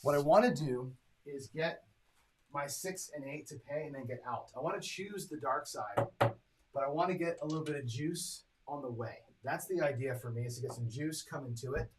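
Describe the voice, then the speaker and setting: Guy streaming craps, calling rolls and doing the math out loud, noisy background with clicks. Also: a little high, moderate pace. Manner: chatty, reads dice rolls and tallies bets aloud; talks to chat viewers directly. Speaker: craps strategy host. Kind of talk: casual live-stream commentary.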